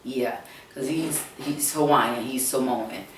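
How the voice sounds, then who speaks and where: Slow-talking woman in an echoey room. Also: a bass voice, recorded from a distance, a little hiss or hum. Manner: rambling, repetitive, many fillers, addresses viewers directly. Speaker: channel host. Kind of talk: casual storytelling chat. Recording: roomy echo, speaking away from the mic.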